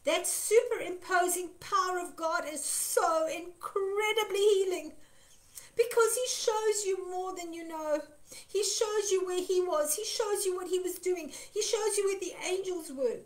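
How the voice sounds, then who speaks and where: Very high-voiced earnest woman preaching. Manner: earnest, emphatic, repeats phrases for stress. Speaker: Christian minister. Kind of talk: devotional teaching talk.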